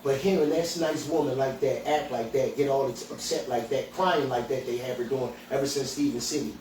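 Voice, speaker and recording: A man's voice: medium pitch, moderate pace, darkish tone, a little hiss or hum. A man hosting a podcast, ranting bluntly and profanely. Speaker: podcast host and hemp dispensary owner. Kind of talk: angry outspoken rant. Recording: echoey room, voice from far off, faint ambience.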